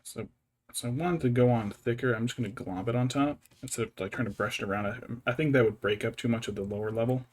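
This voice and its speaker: A man in casual livestream chat while he works on a miniature. He rambles and mutters to himself and to his cat, with wry, mock-dramatic complaints. His voice sits in an average pitch range. It is a relaxed, everyday way of talking. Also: fast. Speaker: miniature painting streamer.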